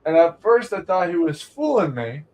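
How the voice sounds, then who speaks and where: A man's voice: on the high side, big pitch swings, moderate pace, darkish tone, poor audio. A man hosting a casual late-night podcast from home, telling rambling stories, laughing and cursing freely. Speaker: livestream host.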